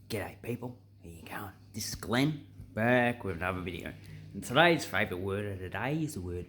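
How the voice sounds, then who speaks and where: A man's voice: fairly low pitch, fairly quick. A man with an Australian accent explaining slang in a casual, joking vlog. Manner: animated, joking, crude. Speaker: vlogger.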